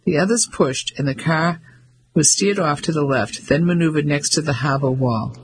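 A man narrating an audiobook in a measured, even storytelling manner. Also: a little high, husky, rough recording.

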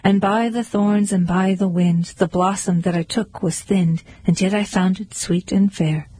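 A woman reciting poems aloud in a rhythmic, measured way. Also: mid-range voice, steady tone, dark tone, husky, dry recording, rough recording. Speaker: poetry reader. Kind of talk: recited poetry reading.

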